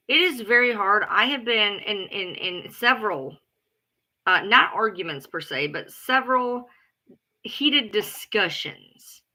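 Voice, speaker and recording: A woman talking in a casual rant to her followers, blunt and profane, repeating herself for emphasis and calling herself loud. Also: medium pitch. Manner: loud, self-described alpha female. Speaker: live streamer. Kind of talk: casual ranting chat.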